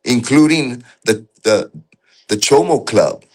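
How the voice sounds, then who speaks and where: Animated and medium-pitched with a darkish tone, this man is a guest spinning a story in casual talk. He keeps stopping and starting again, and his language is rough and full of profanity.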